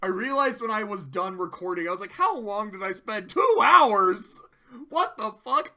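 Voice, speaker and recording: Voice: mid-range voice, pushed and bright, slight background noise. A cartoon episode reviewer giving casual, profane ranking commentary and acting out quoted lines from the episodes.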